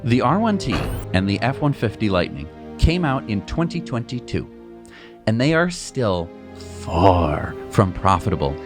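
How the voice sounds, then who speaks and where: A man's voice: on the low side, sing-song, measured pace, over music. A man co-hosting a news show in casual chat, explaining things with everyday comparisons. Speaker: co-host.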